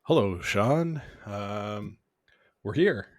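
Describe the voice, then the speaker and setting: A man co-hosting a podcast in casual chat, stuffed up with a cold and speaking in a relaxed, hesitant way. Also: lowish voice, extremely slow, dry recording, studio quality. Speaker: podcast co-host.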